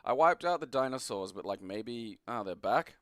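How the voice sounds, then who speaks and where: An Australian man at an ordinary middle pitch gives loose, rambling gameplay commentary, full of swearing and sarcastic asides. He sits close to the mic in a dead, dry space with no room sound. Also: expressive, moderate pace, no room sound. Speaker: retro game reviewer.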